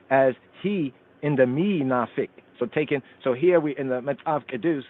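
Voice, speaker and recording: A man hosting a radio scripture study, reciting verses in Amharic and Hebrew and explaining them word by word. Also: mid-range voice. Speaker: radio show host teaching scripture. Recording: phone-line call-in radio sound.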